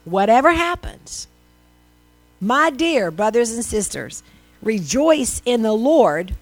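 A woman's voice: fairly high pitch, big pitch swings, slow pace, no echo, soft background music. A woman preaching a sermon in a conversational style, asking the listeners questions and acting out people's replies. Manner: conversational preaching with rhetorical questions and mimicked voices.

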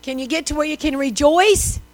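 A woman's voice: sits high, normal speed. A woman preaching a sermon in a conversational style, asking the listeners questions and acting out people's replies. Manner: conversational preaching with rhetorical questions and mimicked voices.

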